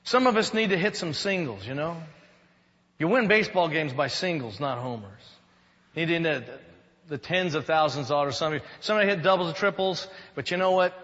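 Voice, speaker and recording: Bright-voiced male pastor preaching. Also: on the high side, animated, fairly quick, long reverb tail, highs cut off. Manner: conversational preaching with jokes and rhetorical questions. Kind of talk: sermon. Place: church sanctuary.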